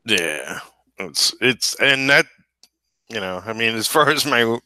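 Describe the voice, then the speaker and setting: A man from Brooklyn inking a comic, chatting and laughing at his own stories. His voice sits lowish, smooth and clear, with a bright edge. The sound is close and dry. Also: expressive, slow, dry recording. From Brooklyn, New York. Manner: laughs often, self-deprecating. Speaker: comic book inker. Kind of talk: casual chat while inking.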